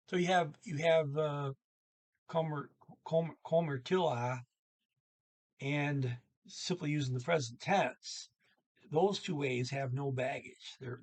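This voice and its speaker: Husky-voiced man teaching, slow and halting. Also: mid-range voice. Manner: thinking aloud, halting with fillers. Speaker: language teacher. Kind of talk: language lesson talk.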